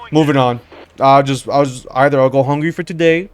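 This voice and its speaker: Playing a game, this commentator keeps up loose, rambling chatter full of slang and profanity, hopping from stories to reactions and addressing listeners as "brother." He has a medium-pitched, clear, resonant voice and talks slightly quickly.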